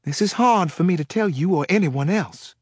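A scared Southern woman, played by a man reading the story, speaks in a raised, husky voice. Her words come out halting and pleading, as if she is close to tears. The voice sounds dry and close, with nothing around it. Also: sits high, lively intonation, dry recording, voice pushed up. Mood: fearful pleading. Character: frightened secretive Southern woman caller.

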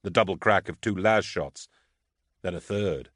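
A man narrating an audiobook in a measured, steady way. His voice is deep and low. The recording is close and completely dry. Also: no echo. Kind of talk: scripted narration.

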